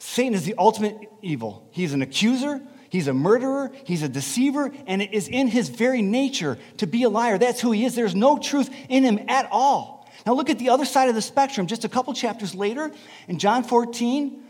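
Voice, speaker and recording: A man preaching a sermon as pastor, animated and conversational, asking the congregation questions. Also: very high voice, a little fast, big-room sound. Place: church sanctuary.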